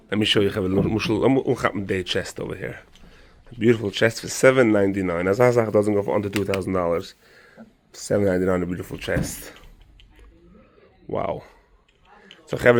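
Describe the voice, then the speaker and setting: A man, walking through a furniture showroom and eagerly praising the sofas and prices for a promotional video. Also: on the low side. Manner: enthusiastic, repeats "beautiful", mixes in Yiddish words. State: out of breath on the stairs. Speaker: show host doing a store promotion. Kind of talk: walkthrough sales pitch.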